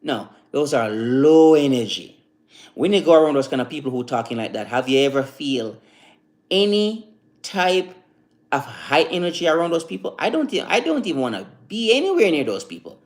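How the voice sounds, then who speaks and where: A man hosting a live stream, giving a casual motivational talk that rambles and repeats, full of "you know" fillers. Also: a little high. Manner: recites slow calm affirmations.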